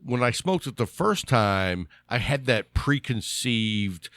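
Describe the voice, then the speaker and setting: A man's voice: medium pitch, very animated, a little slow, a bit bright, dry recording, studio quality. A man hosting a podcast, talking in a laid-back, joking way with fillers and trailing sentences. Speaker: podcast host. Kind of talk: casual chat.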